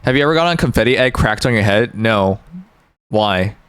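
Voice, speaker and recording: A man's voice: fairly low pitch, lively intonation, normal speed, a bit bright, clean tone, no room sound. A man streaming live, chatting casually and joking with his viewers in a rambling way. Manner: rambling, joking, talks to chat.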